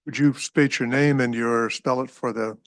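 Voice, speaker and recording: A man chairing a public state board meeting, reading figures aloud in a measured, formal way and inviting speakers forward. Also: mid-range voice, fairly even intonation, no room sound. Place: government hearing room.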